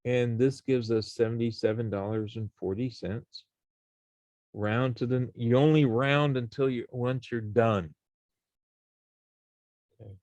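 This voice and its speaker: A man's voice: mid-range voice, fairly even intonation, a little slow, long pauses, darkish tone, dry recording, dull audio. A man teaching a college algebra class, explaining each step and checking in with his students. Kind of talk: classroom math lecture.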